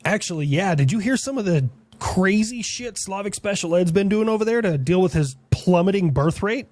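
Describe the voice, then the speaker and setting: A man's voice: high-pitched, expressive, moderate pace, a little mellow, no room sound. A man as brash crude Uncle Sam. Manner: blunt, crude, gossipy. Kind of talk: comedy sketch.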